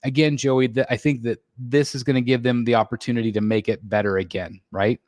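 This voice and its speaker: A man from the United States hosts a casual live stream, chatting in a relaxed, rambling way with plenty of fillers and restarts. His voice sits in an ordinary middle range. It is recorded close and dry, with no room sound. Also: mid-range voice, a little fast, dry recording. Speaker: livestream host reading chat. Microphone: desk microphone.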